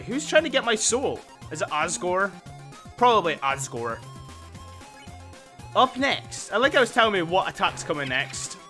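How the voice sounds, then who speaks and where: A man commentating his own video game playthrough with excitable, panicky reactions. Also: high-pitched. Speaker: gaming video host. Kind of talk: let's play commentary. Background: faint game music.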